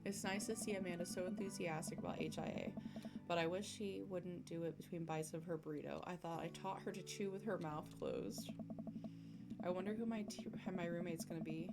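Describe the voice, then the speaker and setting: Animated young woman reading game lines. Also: on the low side, fairly quick. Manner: animated, giggly, voices the game characters. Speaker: streamer playing a dating sim. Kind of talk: reading game dialogue aloud with commentary. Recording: music playing behind.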